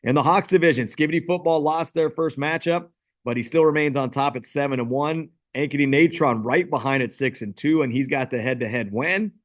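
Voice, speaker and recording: A man's voice: medium pitch, brisk. A man hosting a casual fantasy football league recap, rambling and self-deprecating.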